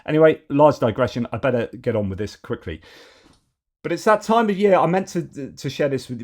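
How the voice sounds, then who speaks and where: A man's voice: mid-range voice, very animated, fast talker. Man giving digressive, opinionated news commentary. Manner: digressive, argumentative, many fillers and restarts.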